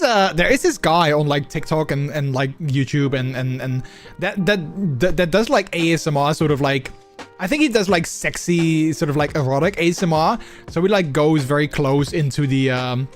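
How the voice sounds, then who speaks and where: Man, streamer chatting with chat, rambling, restarts a lot, higher-than-usual voice, faint music behind. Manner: rambling with many fillers and restarts. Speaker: livestreamer. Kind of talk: casual chat with viewers. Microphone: close desk microphone.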